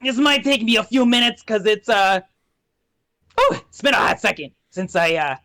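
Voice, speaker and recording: A man voicing a crude, cranky little male imp who picks locks, shouting and swearing. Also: high-pitched, expressive, moderate pace. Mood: cocky.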